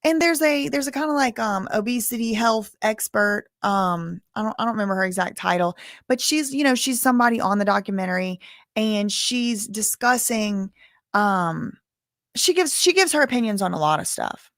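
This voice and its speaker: A woman's voice: mid-range voice, expressive, moderate pace, a bit bright, no echo, studio quality. A woman in her thirties, a streamer talking casually and self-deprecatingly, rambling with many restarts. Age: 30s. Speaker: commentary streamer. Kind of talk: casual chat.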